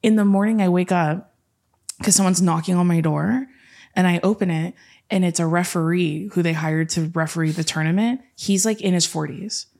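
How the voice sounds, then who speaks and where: A young woman co-hosting a podcast, telling a story in casual chat with a lot of swearing. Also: on the low side. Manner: fast, animated, swearing, laughing storyteller. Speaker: podcast co-host.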